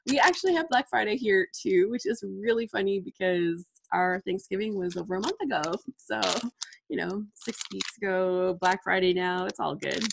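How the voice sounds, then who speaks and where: A woman's voice: medium pitch, moderate pace, gravelly, a bit bright, a little hiss or hum. A woman, hosting a casual live crafting chat and gushing over supplies with lots of "like" fillers. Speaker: scrapbooking livestream host.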